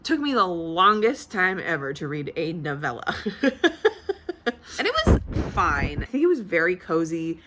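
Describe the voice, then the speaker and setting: A woman's voice: fairly low pitch, very animated, a little slow, noisy background. A young woman chatting casually in a book vlog, emotional, laughing often and swearing freely. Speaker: book vlogger. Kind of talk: casual chat. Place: at home.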